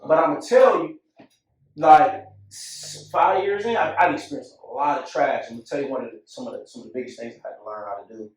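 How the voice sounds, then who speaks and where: A man telling a personal story in a candid barbershop conversation, swinging from hushed to loud. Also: mid-range voice, fairly quick. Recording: echoey room, mic far off.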